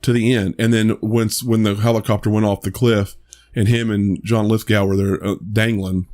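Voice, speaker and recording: A man's voice: fairly low pitch, flat delivery, normal speed, a little mellow. A man co-hosting a podcast, chatting casually about a movie, rambling with many restarts and some swearing. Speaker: podcast co-host. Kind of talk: casual movie review chat.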